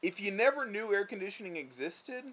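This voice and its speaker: A man co-hosting a casual vlog chat, rambling and animated, often restarting his sentences. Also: sits high, brisk. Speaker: vlog co-host.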